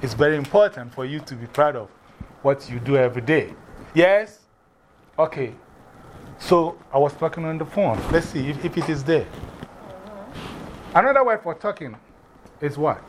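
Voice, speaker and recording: A man with an African accent teaching a class, animated and often putting questions to the students. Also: a little high, normal speed, pauses often, slight background noise.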